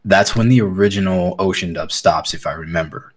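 A man's voice: sits low, a little fast. A man in his thirties in casual podcast chat, laid-back and laughing along.

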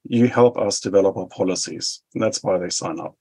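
A man in his forties with a New Zealand accent, explaining his views in a measured way in an interview. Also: low voice, a little mellow, breathy edge. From Germany. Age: 40s. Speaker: think tank head. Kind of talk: interview answers.

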